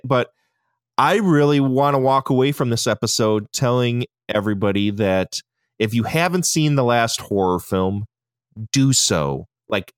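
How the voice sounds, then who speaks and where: A man's voice: mid-range voice, smooth, dry recording, studio quality. A man co-hosting a podcast, chatting casually and enthusiastically about a movie, swearing and laughing often. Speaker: podcast co-host. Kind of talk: casual film review chat.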